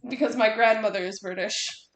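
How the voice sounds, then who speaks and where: A woman's voice: a little high, normal speed, roomy sound. A woman chatting casually while she draws, giggly and blunt and swearing freely. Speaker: streamer drawing while chatting. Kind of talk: casual chat.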